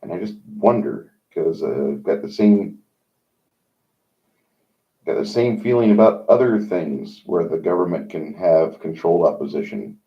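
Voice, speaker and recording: A man hosting a livestream, talking in a rambling, opinionated monologue with many halts. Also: low-pitched. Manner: rambling, opinionated, halting with fillers. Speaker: livestream host. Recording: dull lo-fi sound.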